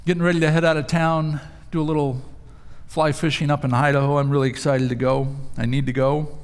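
Pastor preaching in a reverberant hall. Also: male voice, medium pitch. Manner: storytelling, emphatic rises. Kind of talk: sermon. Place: church sanctuary.

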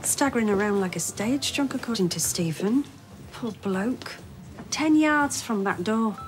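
A woman's voice: medium pitch, expressive, a little slow, close to an everyday voice. A woman in a television soap drama, speaking in an earnest way.

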